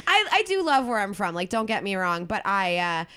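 A woman from South Jersey with a Philadelphia-area accent, chatting casually as a podcast host, excitable and profane, gasping and exclaiming often. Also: medium pitch, brisk, clean tone, no echo. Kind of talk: casual chat.

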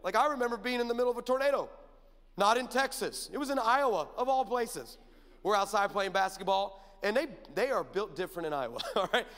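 A young man preaching a sermon, telling stories in an animated way and often checking in with the crowd. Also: high-pitched, a little fast. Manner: animated storytelling with asides to the crowd. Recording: long hall reverb.

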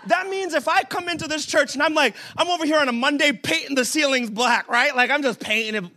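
A man pastor giving a humorous, conversational sermon at a church service, joking with the room and building to emphatic shouts. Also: very high-pitched, brisk, hardly any pauses.

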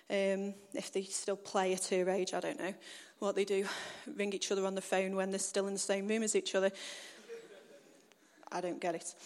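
A woman on a stage, preaching through a lively personal story she acts out. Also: mid-range voice. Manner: animated storytelling, acting out scenes. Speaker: church speaker.

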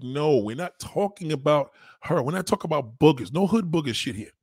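Man, casual profane monologue, crude and animated, dry close sound. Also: mid-range voice, husky, dry recording. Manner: blunt, crude, rambling, talks fast.

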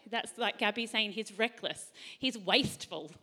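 A middle-aged woman hosting a faith talk panel, chatty and quick to laugh. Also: medium pitch, pushed and bright. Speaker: host.

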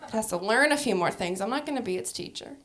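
A woman's voice: mid-range voice, animated, fast talker, crowd noise. A young adult woman performing a stand-up comedy set, brash and profane, often laughing through her lines.

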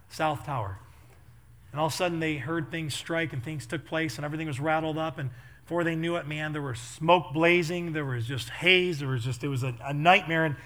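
A man preaching a sermon as pastor, telling stories in an animated way that builds to loud intensity. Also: a little high.

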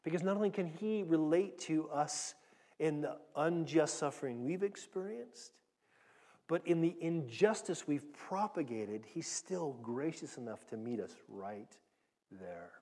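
A man's voice: fairly high pitch, animated, a little slow, warm tone, big-room sound. A man preaching a conversational sermon, earnest and direct, often restarting and repeating his words. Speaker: pastor teaching a Bible passage.

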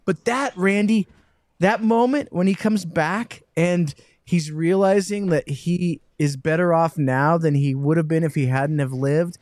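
Animated man hosting a casual chat. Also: on the high side, measured pace, no room sound, clean studio sound. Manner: animated, self-mocking storyteller. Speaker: podcast host.

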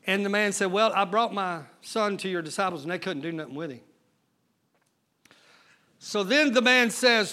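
A male pastor preaching a sermon, moving between quiet storytelling and shouted exhortation, with folksy grammar and questions to the congregation. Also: normal speed, pauses often. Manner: builds from low retelling to shouted exhortation.

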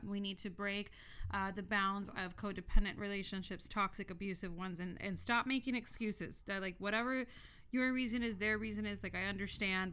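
Young female host, relaxed and chatty, smooth clear voice, casual swearing. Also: medium pitch. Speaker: host, tarot reader. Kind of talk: casual chat.

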